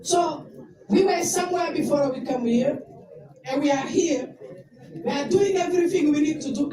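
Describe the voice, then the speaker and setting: Brief: woman from Rwanda, high voice, impassioned memorial speaker, distant mic with a crowd behind. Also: moderate pace. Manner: emotional, rising to loud exclamations. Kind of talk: impassioned tribute speech. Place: indoor event hall. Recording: echoey hall recorded from far off with crowd. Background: crowd of attendees.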